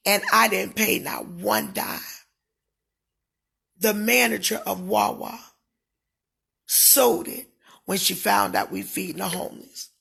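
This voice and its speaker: A woman speaking casually to livestream viewers, emphatic and given to shouting when aggrieved. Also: medium pitch, slow pace, creaky, pauses often, husky.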